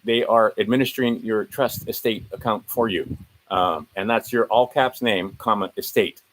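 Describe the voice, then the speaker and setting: A man's voice: on the low side, normal speed, fairly bright tone, a little hiss or hum, poor audio. A man walking viewers through his documents in a casual screen-share, rambling and correcting himself as he rattles off legal citations. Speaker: video host.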